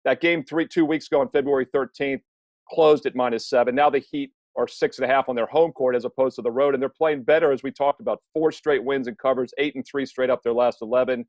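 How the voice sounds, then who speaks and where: A man on a betting panel giving his pick, talking through numbers and trends quickly. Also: mid-range voice, fairly even intonation, darkish tone, no room sound. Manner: quick, numbers-heavy, chatty. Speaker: sports handicapper panelist.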